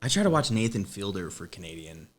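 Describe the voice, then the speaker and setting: A man chatting casually as a podcast guest, joking and firing off quick questions. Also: on the low side, big pitch swings. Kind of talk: casual chat.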